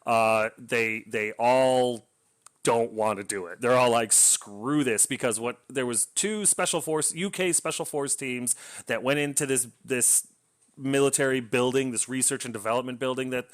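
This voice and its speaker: A man's voice: mid-range voice, moderate pace. A man giving a casual, rambling spoken review of a novel, with frequent restarts and enthusiastic asides. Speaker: book reviewer.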